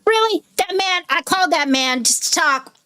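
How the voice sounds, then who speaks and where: A woman's voice: very high-pitched, expressive, moderate pace, pushed and bright. A woman giving casual, profane commentary while playing a horror game. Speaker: gaming streamer. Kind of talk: game let's play commentary.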